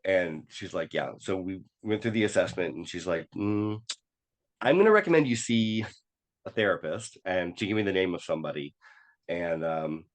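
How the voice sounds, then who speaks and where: Speaking at a moderate pace in a low voice, a podcast guest recounts something personal. His telling is full of fillers and restarts, and he performs the dialogue he quotes.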